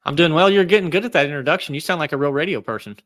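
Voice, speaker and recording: A man co-hosting, talking in a relaxed, easygoing way about his week. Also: a little high, very fast. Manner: relaxed, easygoing, lots of fillers. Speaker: co-host. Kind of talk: casual chat.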